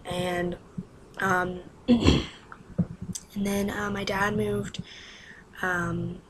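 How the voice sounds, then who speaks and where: A woman's voice: medium pitch, level tone, extremely slow, slight background noise, poor audio. A young woman telling a personal story to camera in a casual, rambling way, with lots of "like" and exasperated asides. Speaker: vlogger.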